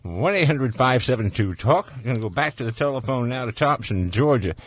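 A man's voice: medium pitch, lively intonation, a little fast, dry recording. A man with a Southern accent hosting a call-in radio show, chatting in an easygoing, folksy way. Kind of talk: casual call-in radio chat.

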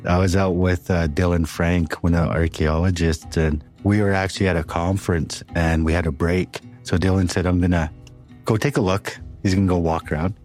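A reserved, calm man telling a personal story in an interview. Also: low voice, brisk, few pauses, soft background music. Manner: reserved, calm, with bursts of excitement.

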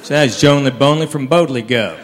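A man's voice: medium pitch, a little fast. A man doing a stand-up routine, drawling and laughing at his own jokes. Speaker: stand-up comedian. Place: comedy club stage. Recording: live room with long reverb and audience. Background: crowd laughter, room noise.

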